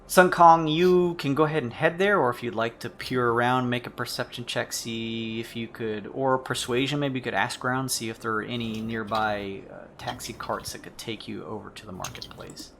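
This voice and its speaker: A man's voice: mid-range voice, fairly even intonation, normal speed, vocal fry, hardly any pauses, a bit bright, slight background noise. A man narrating a tabletop role-playing game as game master, describing scenes with frequent restarts.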